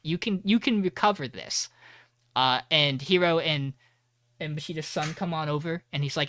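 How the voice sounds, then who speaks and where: A man co-hosting a podcast, retelling an episode in a casual, animated way and acting out the characters' lines with restarts and swearing. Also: fairly high pitch, moderate pace, dry recording. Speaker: podcast co-host. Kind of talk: casual recap of an anime episode.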